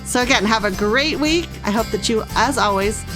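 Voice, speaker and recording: Over music, a middle-aged craft product presenter demonstrates stamps at normal speed in a voice on the high side. She gushes bubbly praise, leaning heavily on words like "little" and "cute."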